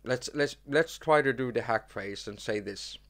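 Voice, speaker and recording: A man's voice: medium pitch, normal speed, a bit bright. Rambling man hosting a live stream. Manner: rambling, many fillers and restarts. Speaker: host. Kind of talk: casual live-stream chat.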